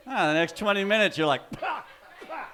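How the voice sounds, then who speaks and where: A man's voice: high-pitched, pushed and bright. A man in his forties from West Texas with a Texan accent, doing a loose, profane stand-up set on a club stage and laughing at his own jokes. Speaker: stand-up comedian.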